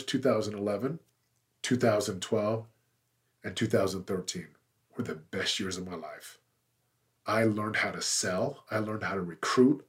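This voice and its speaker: A man's voice: on the low side, breathy edge. A man in his forties, a podcast guest, telling his story in an earnest, emphatic way that swells with intensity. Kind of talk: conversational interview storytelling.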